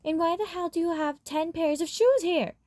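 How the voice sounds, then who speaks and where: A woman's voice: fairly high pitch, takes it slowly, no echo, clean studio sound, pitched above the performer's own voice. A woman voicing a stern working-class immigrant father who speaks in a commanding way.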